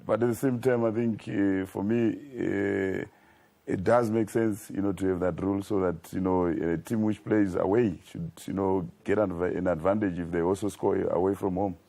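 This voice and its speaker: A man's voice: low voice, fairly even intonation, normal speed, creaky, mellow. A man speaking as a football pundit in a studio panel, hesitant and full of fillers.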